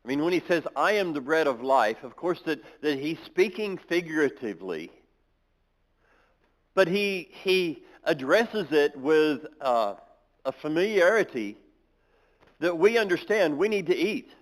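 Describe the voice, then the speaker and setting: A pastor giving a sermon in a church, reading scripture aloud and then explaining it with small restarts. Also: male voice, fairly high pitch, big pitch swings, measured pace, rough recording.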